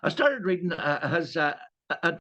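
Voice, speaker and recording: Man, chatty, stammering restarts, slightly high voice, dull lo-fi audio. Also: big pitch swings, normal speed, pushed and bright. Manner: rambling, many restarts and stammers. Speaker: co-host. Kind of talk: casual chat.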